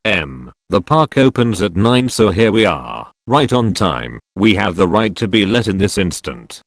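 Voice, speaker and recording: Man reading a rude entitled mom, low and quiet, story narration. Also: very animated, a little slow, no echo, studio quality, heavily acted. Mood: demanding. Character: pushy entitled mother, demanding and rude.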